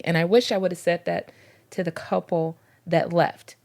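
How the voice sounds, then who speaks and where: A woman's voice: lowish voice, normal speed. A middle-aged woman co-hosting a faith podcast, telling church stories and acting out the dialogue in them. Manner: storytelling, acts out dialogue with lively voices. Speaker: podcast co-host, former pastor's wife. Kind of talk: casual faith discussion.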